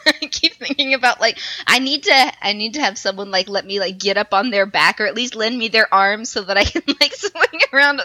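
A woman's voice: fairly high pitch, expressive, a little fast, hardly any pauses, pushed and bright. A woman chatting as a podcast guest, bubbly and self-deprecating, laughing often. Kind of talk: casual chat.

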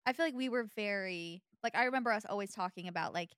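A young adult woman with a Valley Girl accent and natural vocal fry, chatting casually as a podcast co-host in a rambling, filler-heavy way. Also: mid-range voice, fast talker, fairly bright tone, no echo, studio quality. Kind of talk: casual chat.

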